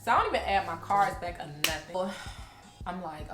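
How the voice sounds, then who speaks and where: A young woman tells a storytime in a casual, animated way, playing out both sides of the conversation. Her voice sits in the middle of the range and bounces off an echoey room. Music plays clearly behind her. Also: fairly low pitch, normal speed. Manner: animated retelling, acts out both sides of the talk. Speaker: vlogger.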